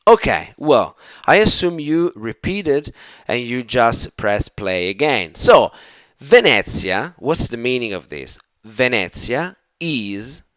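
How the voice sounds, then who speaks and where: A man's voice: mid-range voice, very animated, fairly bright tone, no room sound. Enthusiastic Italian man teaching Italian. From Italy. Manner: enthusiastic, repeats words slowly for pronunciation. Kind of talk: online language lesson.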